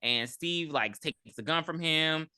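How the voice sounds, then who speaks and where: A co-host on a casual movie recap podcast who talks expressively and swears freely, jumping into quick character voices. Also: mid-range voice, sharp tone, clean tone, no room sound.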